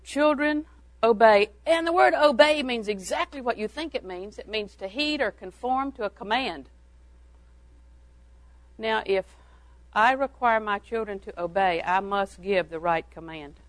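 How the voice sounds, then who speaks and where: A woman's voice: on the high side, no room sound, rough recording. An older woman giving a homespun talk on parenting to a church audience, telling anecdotes and chuckling between them. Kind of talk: folksy storytelling talk to an audience.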